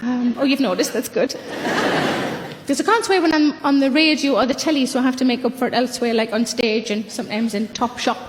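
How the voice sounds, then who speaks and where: A woman doing wry stand-up comedy. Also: fairly high pitch. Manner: brisk, wry delivery. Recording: echoey hall with loud noise.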